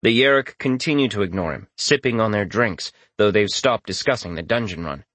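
A man narrating a first-person fantasy story with a steady, even storytelling delivery. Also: lowish voice, brisk, no echo. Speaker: audiobook narrator.

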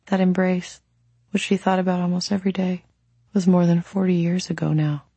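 A woman narrating a novel as an audiobook in a calm, reflective way. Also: lowish voice, a little fast, husky, no room sound. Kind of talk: scripted narration.

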